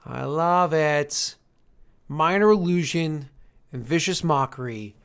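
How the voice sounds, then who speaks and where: A man's voice: fairly high pitch, smooth. A man streaming casually, rambling and joking to his chat, muttering asides and swearing now and then.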